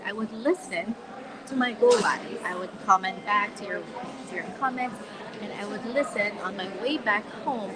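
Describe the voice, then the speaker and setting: A woman from the Philippines in her forties chats to her followers in an upbeat, talkative way, with fillers and easy laughter. She talks at a middling pitch into a phone on a tripod. A busy crowd of shoppers murmurs clearly behind her. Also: low-quality recording. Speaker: confidence coach. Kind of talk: live-stream talk to followers. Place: shopping mall, in a public space. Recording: phone live-stream with mall crowd behind.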